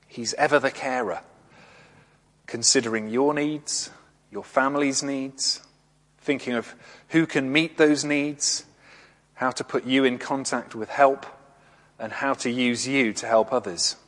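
A man gives a gentle, reflective sermon in a mid-range voice, pausing between short phrases. His voice rings with a long reverb, as if in a church. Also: medium pitch, fairly even intonation. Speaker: preacher.

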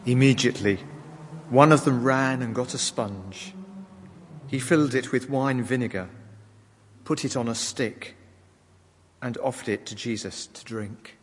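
Male bible reader, very slow, low voice, solemn, long reverb. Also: slight background noise. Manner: measured, solemn reading. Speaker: scripture reader. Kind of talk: liturgical Bible reading.

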